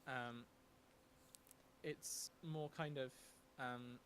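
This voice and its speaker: A man's voice: medium pitch, steady tone, very slow, a bit bright, slight background noise. Hesitant man running a tabletop game. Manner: hesitant, many ums and restarts. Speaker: game master.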